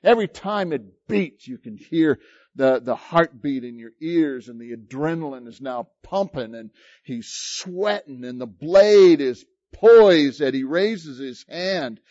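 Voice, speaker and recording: Male preacher, higher-pitched voice, slow, dramatic storytelling delivery, dry and slightly dull recording. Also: animated, a little mellow, no room sound. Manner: dramatic storytelling with rising and falling emphasis. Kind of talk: sermon.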